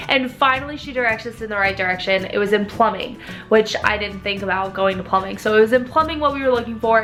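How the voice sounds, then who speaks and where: A woman's voice: a little high, fairly bright tone. A young woman in her twenties telling a story in a casual vlog, chatty and often laughing. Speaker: vlogger.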